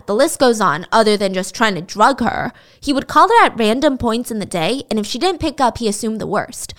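A young adult woman narrating a true crime story in a casual, chatty way. Her voice sits a little higher than average, and she drops blunt, sarcastic asides. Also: fairly bright tone.

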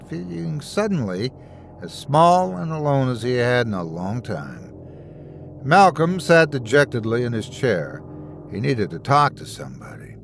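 Guy reading a scary story, steady and suspenseful, mid-pitched voice. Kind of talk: scripted horror narration.

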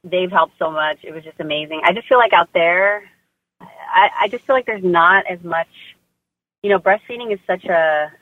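A woman's voice: fairly low pitch, moderate pace, no echo. A woman guest in a casual interview, telling her story in a heartfelt, rambling way full of "you know" and "like.". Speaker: guest mother sharing birth story. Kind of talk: casual interview over phone. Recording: tinny phone line.

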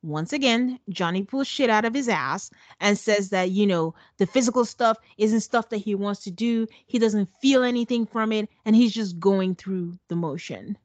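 A woman's voice: mid-range voice, moderate pace, hardly any pauses, no room sound. A woman co-hosting a casual recap chat, blunt and sarcastic as she retells what happened. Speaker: podcast co-host.

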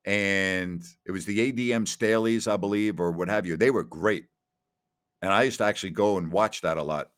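A man's voice: sits low, normal speed, a bit bright, smooth, no room sound, clean studio sound. Nostalgic, rambling middle-aged man. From New York. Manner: rambling, nostalgic storytelling with many fillers. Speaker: radio talk show host. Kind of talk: casual call-in show chat.

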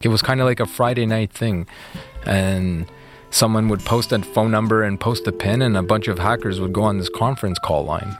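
Low-voiced man telling his story. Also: moderate pace, faint music behind. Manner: relaxed, filler-heavy retelling with acted quotes. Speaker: interview guest. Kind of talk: casual storytelling.

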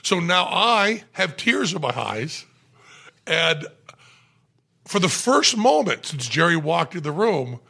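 Raspy, animated middle-aged man telling stories. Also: fairly high pitch, slow. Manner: animated, profane, self-mocking. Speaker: guest storyteller. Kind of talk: casual anecdote telling. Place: private club room.

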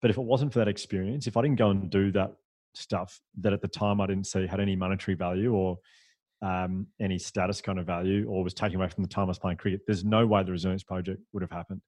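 A man who is a podcast guest, telling stories in a lively, chatty, self-deprecating way. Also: sits low, fast talker, no room sound. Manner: animated, chatty, self-deprecating, with fillers and laughs. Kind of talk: conversational storytelling.

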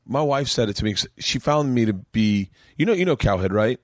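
A man's voice: medium pitch, animated, brisk, no echo, clean studio sound. A male comedian hosting a podcast, telling chatty anecdotes and acting out the dialogue. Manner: chatty storyteller, acts out dialogue in his anecdotes. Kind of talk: casual podcast chat. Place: small home studio room.

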